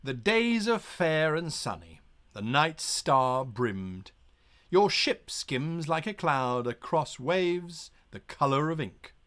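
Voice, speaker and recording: A man's voice: fairly high pitch, sing-song, fairly bright tone. A man streaming live as game master, reading a gamebook aloud and chatting playfully with his viewers. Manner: brisk, playful, talks back to the chat.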